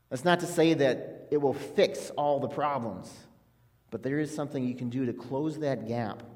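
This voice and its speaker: A man's voice: mid-range voice, darkish tone. A man preaching an earnest, conversational sermon as a pastor, with frequent restarts. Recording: long hall reverb.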